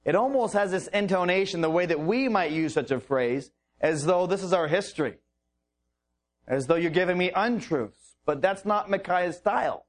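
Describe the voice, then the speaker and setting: A man preaching a sermon, teaching slowly and deliberately through a Bible passage with drawn-out pauses. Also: high-pitched.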